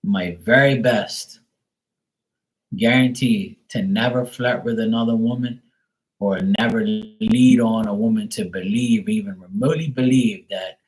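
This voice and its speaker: A man's voice: on the low side, fairly even intonation, a little slow, low-quality recording. A middle-aged man hosting a live stream in casual, rambling chat, blunt and profane, with many fillers, sometimes acting out other people in raised voices.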